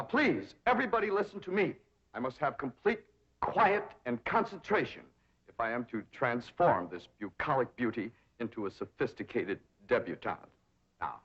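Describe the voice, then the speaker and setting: A pompous theatrical dandy. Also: male voice, medium pitch, a bit bright. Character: pompous young society dandy, lovestruck. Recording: dull old TV sound.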